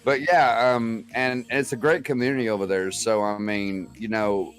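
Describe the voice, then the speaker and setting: A man's voice: on the low side, fairly even intonation, normal speed, faint music behind. A man speaking as a guest in a casual live-stream interview, hesitant and full of fillers.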